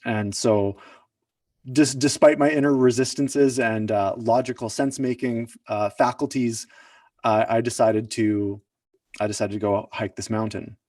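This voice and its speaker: A man's voice: mid-range voice, steady tone, a little slow, darkish tone, no room sound, studio quality, recorded from a distance. A man, the founder of a project, telling a personal story in an earnest, reflective way, often searching for words. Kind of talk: personal storytelling at an online summit.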